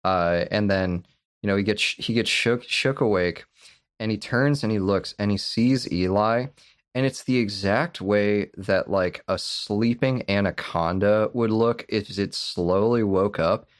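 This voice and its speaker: A man's voice: on the low side, unhurried, dry recording, studio quality. A man co-hosting a podcast, rambling casually about a film with frequent laughs and casual cursing. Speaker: podcast co-host.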